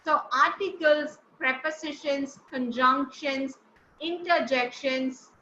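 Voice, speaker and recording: A woman's voice: high voice, slow pace, sharp tone, slight background noise. A woman, coaching a club group on word stress, explaining step by step and putting questions to the room. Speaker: speaking coach. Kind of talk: classroom lesson on word stress. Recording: echoey room, dull lo-fi sound.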